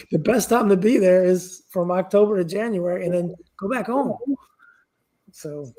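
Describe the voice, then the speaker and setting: A man with a fairly high, mellow voice gives blunt opinions in a casual chat and repeats points for emphasis. His tone is husky and soft-edged. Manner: frank, wry, and repetitive for emphasis. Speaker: co-host.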